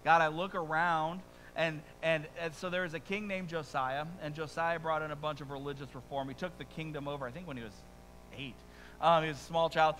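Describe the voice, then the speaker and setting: A man preaching a sermon as pastor, conversational and animated, with quick asides and rising emphasis, speaking to a congregation in a church. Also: on the high side, a little hiss or hum, poor audio. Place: church sanctuary before a congregation.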